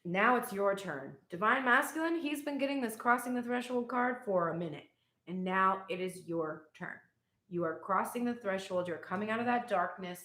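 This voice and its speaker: A woman's voice: medium pitch, expressive, moderate pace, a bit bright. Young woman doing a casual tarot reading, swears a lot, laughs, sounds kinda echoey. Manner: irreverent, profane, laughing storyteller. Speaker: tarot reader. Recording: echoey room.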